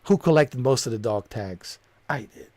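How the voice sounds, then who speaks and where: A man's voice: mid-range voice, animated, normal speed, a little mellow, a little hiss or hum. A man streaming from home, ranting angrily and profanely at a viewer on a close desk mic. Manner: heated, profane, repetitive, confrontational. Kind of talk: angry rant at a viewer.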